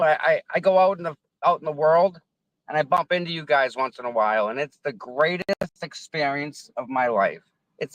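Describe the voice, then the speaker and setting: Another casual live-stream from a man's car in traffic: he rambles, says words over again and pours out thanks to viewers. The voice is on the high side and fairly bright, with no room sound and poor audio quality.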